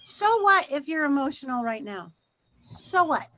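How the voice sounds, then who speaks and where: A woman's voice: high-pitched, sing-song, unhurried, a bit bright, no echo. A middle-aged woman co-hosting a casual talk show, speaking emphatically and bluntly with short repeated questions. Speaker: co-host. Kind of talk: casual discussion and personal story.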